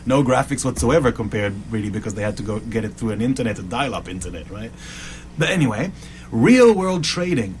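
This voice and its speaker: A man's voice: medium pitch, expressive, a little fast. A middle-aged man hosting a casual chat about games, talking in long rambling stretches with restarts and tangents. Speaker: podcast host. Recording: faint background noise.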